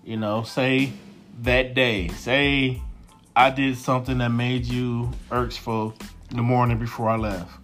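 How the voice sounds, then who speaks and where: Laid-back guy joking about marriage, talks real slow, faint music under it. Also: mid-range voice, flat delivery, a bit bright. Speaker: podcast co-host, husband. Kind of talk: casual marriage chat.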